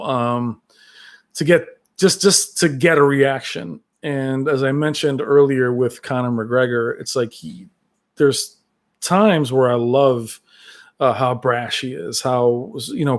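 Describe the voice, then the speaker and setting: A man hosting a casual live-stream chat, reading viewer comments and rambling on with many fillers and restarts. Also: medium pitch. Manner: does brief movie-quote impressions. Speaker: tech channel host reading live chat.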